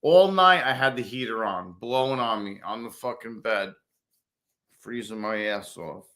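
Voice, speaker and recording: A man's voice: mid-range voice, a little slow, sharp tone. A man in his fifties chatting casually on a livestream, rambling and swearing, mimicking other people in a raised voice. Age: 50s. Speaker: motovlogger livestreaming to viewers.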